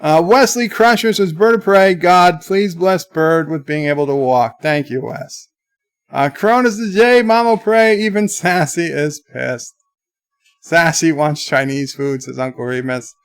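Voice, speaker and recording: A man hosting a livestream, reading viewer chat comments aloud in a chatty, halting way. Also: a little high, clean tone. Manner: chatty, halting, with many restarts. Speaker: livestream host.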